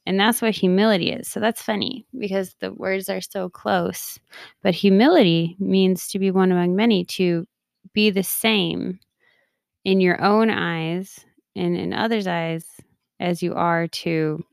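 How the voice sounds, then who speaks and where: Gravelly low-voiced woman, candid monologue. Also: steady tone, measured pace, no echo, clean studio sound. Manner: candid, laughs at herself. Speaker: podcast host and mindset coach. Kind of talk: casual reflective monologue.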